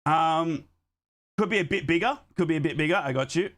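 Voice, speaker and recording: Hoarse, chatty watchalong host, a man. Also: on the high side, brisk, fairly bright tone. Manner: chatty, talks to his live chat while fixing things on the fly. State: hoarse, sick with a chest infection. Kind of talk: live football watchalong chat and commentary.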